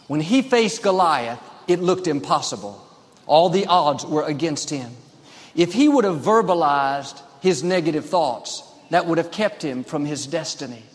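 A male pastor delivers a sermon, stacking up short, emphatic declarations one after another. His voice sits a little high for a man. The sound carries a long reverb, as in a large hall.

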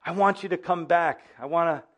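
A man's voice: fairly high pitch, fairly quick, a bit bright, natural voice. Jesus, as a preacher puts him on, a casual teasing man. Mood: earnest.

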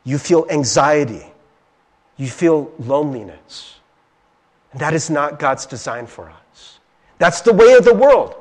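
High, animated young preacher from Ohio. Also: male voice. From Ohio, USA. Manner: earnest, confiding, keeps checking in with "right?". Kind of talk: conversational sermon.

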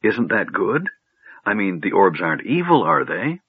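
A man voicing a curious, cheeky male kender who talks in a bright, chatty, inquisitive way, recorded on a narrow phone-like line. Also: lowish voice, big pitch swings, moderate pace, slightly rough, no echo, heavily acted.

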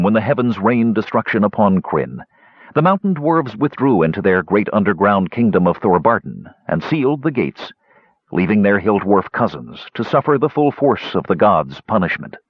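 A man reading a fantasy novel aloud as the narrator, in measured storytelling. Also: fairly low pitch, husky, dry recording. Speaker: audiobook narrator. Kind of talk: scripted narration. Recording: dull, dry close recording.

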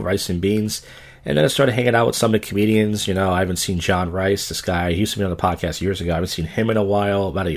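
A man hosting his own podcast, telling stories in a loose, crude, self-deprecating ramble. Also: deep voice. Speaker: podcast host. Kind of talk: casual rambling monologue.

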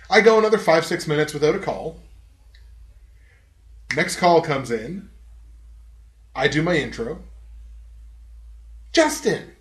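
A man's voice: a little high, reverberant. Laughing, swearing male podcast host. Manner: animated, profane, laughs often while telling stories. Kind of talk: casual storytelling chat.

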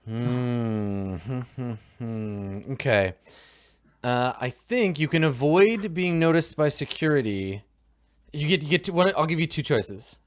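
A man's voice: mid-range voice, lively intonation, unhurried. A man narrating as game master of a tabletop game, describing scenes loosely with lots of fillers and restarts.

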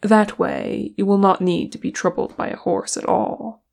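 A reader voicing a calm, courteous male elf who speaks lightly and easily. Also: mid-range voice, normal speed, vocal fry, close to an everyday voice. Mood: friendly.

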